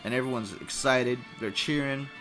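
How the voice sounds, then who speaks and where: A man hosting a podcast, rambling through a profane, excitable comedic food review. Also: medium pitch, normal speed, loud music behind the voice. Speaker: podcast host.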